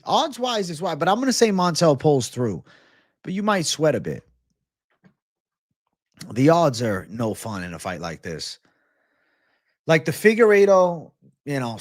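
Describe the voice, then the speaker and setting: A man's voice: medium pitch, dry recording, clean studio sound. Laid-back slangy man hosting a livestream. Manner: talks straight to the live chat. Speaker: sports betting show host. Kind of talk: casual livestream chat.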